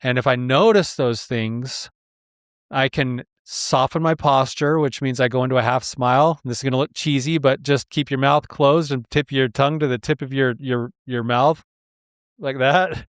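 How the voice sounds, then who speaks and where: A man's voice: mid-range voice, steady tone, moderate pace, no echo, studio quality. A man talking as a guest therapist in a casual podcast conversation, earnest and explanatory, laughing and sighing now and then.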